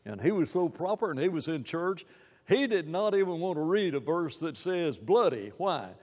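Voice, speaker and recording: A man preaching a sermon in an animated, rambling way, with many restarts and fillers. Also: a little high, normal speed, big-room sound.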